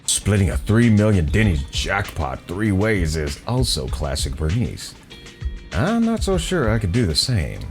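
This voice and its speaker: A man's voice: low voice, very animated, measured pace, faint music behind. A man casually commenting on a video game playthrough, playful, reading dialogue and repeating phrases for fun. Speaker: gameplay streamer.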